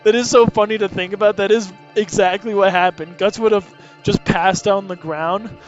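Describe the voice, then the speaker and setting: A man's voice: high-pitched, steady tone, normal speed. A young man reading a comic aloud in casual, laughing, profane commentary, on dull lo-fi audio. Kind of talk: casual read-along commentary. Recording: dull lo-fi audio, faint music.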